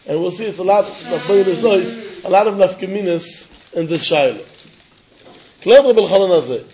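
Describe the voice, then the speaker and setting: A man teaching a Talmud lesson, talking fast and emphatically and mixing with Hebrew. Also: high voice, expressive, mellow, dull audio. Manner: rapid, emphatic, switching between English and Hebrew. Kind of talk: Talmud lecture.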